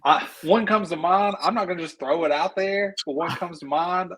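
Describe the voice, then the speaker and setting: Teasing podcast cohost guy, excitable, bit of a high voice. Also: moderate pace, husky. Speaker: podcast co-host. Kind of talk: casual chat.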